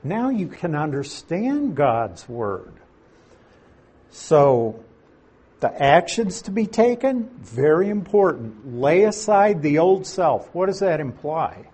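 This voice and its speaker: A man teaching scripture verse by verse, reading passages and then stressing their meaning. His husky voice sits a little high and swings widely in pitch. He speaks slowly and deliberately. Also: sing-song, a little mellow. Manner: slow, emphatic, reads scripture aloud and explains it. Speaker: Bible teacher.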